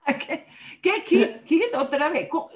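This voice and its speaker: A woman teaching a Spanish class over a video call, who models pronunciation by repeating words slowly and checks in often with her students. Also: high-pitched, expressive, a crowd in the background, poor audio. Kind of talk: online class instruction.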